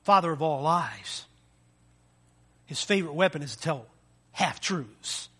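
Pastor, male, high bright voice, animated sermon delivery. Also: a little slow, breathy edge. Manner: animated preaching with acted-out voices and sound effects.

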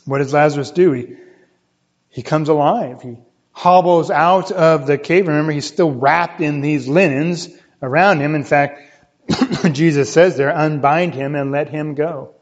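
A man preaching a sermon, explaining scripture and often checking in with "right?", climbing higher when he stresses a point. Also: measured pace. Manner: teaching, often checks with "right?", rises in pitch for emphasis. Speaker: pastor. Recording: dull lo-fi sound.

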